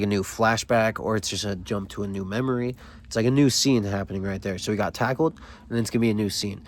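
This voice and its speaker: Low-voiced man rambling through book commentary. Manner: rambling, loose slangy talk with many fillers. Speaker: host reading a novel aloud. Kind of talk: casual read-along commentary.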